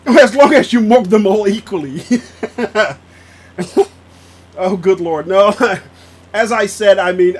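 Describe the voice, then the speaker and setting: High-voiced, giggly male streamer. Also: lively intonation, slow, pauses often, breathy edge. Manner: laughs often, reacts to chat. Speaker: flight sim streamer. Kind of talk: casual live-stream chat.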